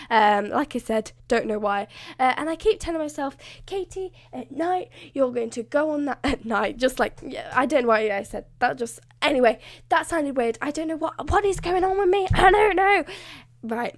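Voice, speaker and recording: A young woman talks loosely over a building game, wandering from one thought to the next and laughing at herself. Her voice sits fairly high and sounds a little hoarse. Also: normal speed. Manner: rambling, chatty and self-mocking, with frequent laughs. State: voice slightly hoarse. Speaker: gaming YouTuber.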